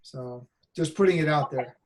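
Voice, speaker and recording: A crowd can be heard in the background while a college instructor with a voice on the high side teaches over a video call at a moderate pace. His delivery is casual, with many restarts and fillers.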